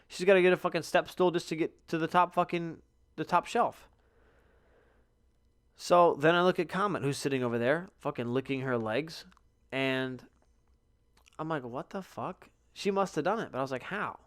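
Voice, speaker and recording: A young man hosting a solo podcast, telling stories in a profane, animated way, sometimes sleepy and yawning. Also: a little high, brisk, pauses often. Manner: profane, animated storytelling with loud outbursts. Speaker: podcast host. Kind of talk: casual solo podcast monologue.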